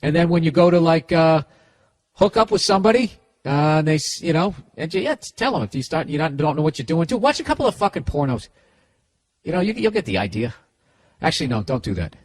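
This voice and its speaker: A man hosting a podcast, reading listener letters aloud and answering them in a loud, profane, sarcastic comedic rant. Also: on the high side, sing-song, fairly quick. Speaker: podcast host giving advice.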